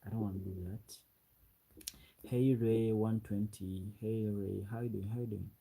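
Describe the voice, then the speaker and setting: A man's voice: lowish voice, steady tone, a little slow, gravelly, warm tone, breathy edge, low-quality recording. A man from Uganda with a Ugandan English accent, chatting casually on a late-night live stream and reading out viewer comments. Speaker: livestreamer. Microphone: ring light setup, webcam.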